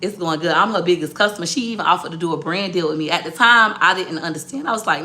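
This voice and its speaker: A woman business owner telling a story to her viewers in a blunt, profane, animated way. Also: on the low side, quick pace.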